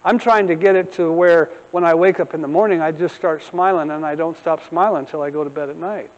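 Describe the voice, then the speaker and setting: A middle-aged man preaches in a church sanctuary, telling stories with humor and animated asides. His voice sits high, and long reverb from the hall trails his words. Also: brisk, muffled recording. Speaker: pastor. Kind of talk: sermon.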